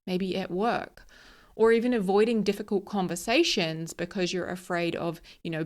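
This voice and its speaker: Chatty woman hosting a podcast. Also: medium pitch. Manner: chatty and candid, laughs at herself, loses words. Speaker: podcast host. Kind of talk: casual solo podcast talk.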